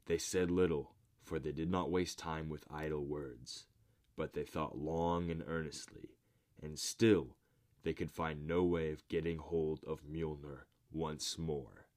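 A man narrating a myth in a measured, deliberate storybook reading. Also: extremely low pitch, fairly even intonation, a little mellow.

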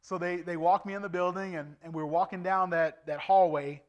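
A man's voice: sits high, fairly even intonation, a little fast, muffled recording. Earnest evangelist man telling his testimony. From Indiana, USA. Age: 40s. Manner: earnest storytelling, acts out dialogue. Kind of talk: preaching a personal testimony. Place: church service.

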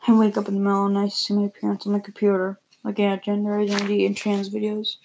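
A woman reading a first-person story aloud, plainly and a little haltingly, with repeated words. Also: mid-range voice, completely flat delivery, creaky, darkish tone, slight background noise, rough recording.

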